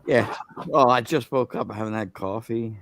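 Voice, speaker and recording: A man's voice: mid-range voice, moderate pace, background noise. A man joining a casual live chat, laid-back and dryly joking. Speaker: chat guest.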